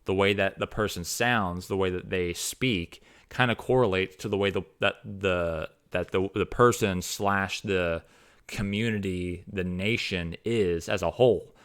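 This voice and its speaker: A man's voice: deep voice, fairly even intonation, unhurried, fairly bright tone, clean tone. A man, a fantasy author giving his opinions in a rambling, casual monologue full of restarts and fillers.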